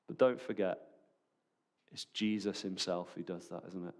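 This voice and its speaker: A man preaching a sermon at a church service, animated and conversational, full of rhetorical questions. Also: low voice, normal speed, long pauses.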